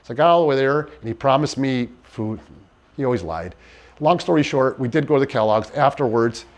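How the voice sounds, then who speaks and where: A man in an interview, giving personal testimony in a halting, earnest way with many restarts. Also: medium pitch. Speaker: interviewee in a docuseries.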